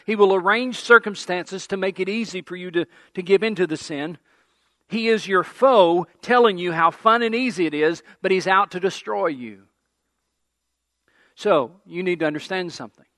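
A male pastor preaching a sermon, repeating key phrases and slowing down to stress scripture, and leading the congregation in call-and-response. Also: high-pitched, fairly bright tone, dry recording.

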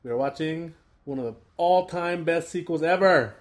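A man's voice: fairly high pitch, normal speed. A man co-hosting a podcast in casual chat, rambling and joking, often laughing. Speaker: podcast co-host.

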